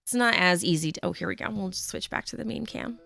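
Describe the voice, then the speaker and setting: A woman hosting a live knitting stream, chatting casually with her viewers in an excitable way. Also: mid-range voice, quick pace, gravelly. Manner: chatty, excitable, says "um" and "y'all" often.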